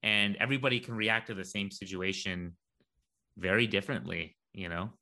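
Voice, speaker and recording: A man in relaxed conversation, telling lively stories and acting out what people said. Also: fairly low pitch, normal speed. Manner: animated storyteller, acts out quoted dialogue. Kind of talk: casual conversation.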